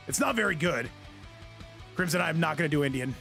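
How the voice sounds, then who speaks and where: A man commentates a fighting game live, chatting to his viewers in a loose, joking, rambling way. His voice sits fairly high. Faint music plays in the background. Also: expressive, quick pace, pauses often, fairly bright tone. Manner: joking, rambling, talks to chat. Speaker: stream host and commentator.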